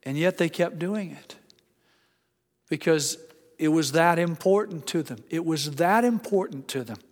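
A male pastor preaching a sermon, emphatic, rising to loud exclamations and dropping low. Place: church sanctuary. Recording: church hall with long reverb.

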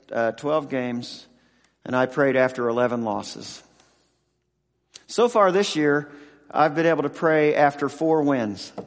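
A man in his sixties, a pastor and football chaplain, preaching a sermon with halting, emotional storytelling and many restarts. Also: medium pitch, long reverb tail. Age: 60s.

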